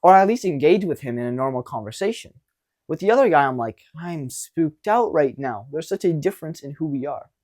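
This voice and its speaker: A young man coaching viewers on dating in a casual monologue, animated and blunt, with casual swearing. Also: a little high, quick pace.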